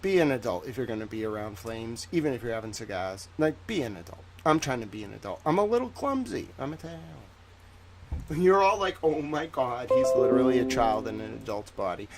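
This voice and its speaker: Young guy rambling on his livestream, kinda high voice, chatty and animated. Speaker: livestream host. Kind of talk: casual livestream commentary.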